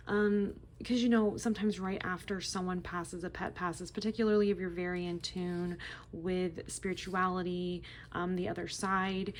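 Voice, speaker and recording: A woman giving a casual, gentle tarot reading to her viewers, reassuring and repeating herself with frequent "okay?" checks. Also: mid-range voice, slight background noise. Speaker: tarot reader.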